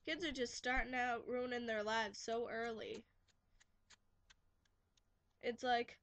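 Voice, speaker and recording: A teenage girl sits on her bedroom bed for a casual vlog, ranting sarcastically with many fillers and putting on mocking voices to quote kids. She speaks slowly and pauses often, her voice fairly high and fairly bright with fairly even intonation.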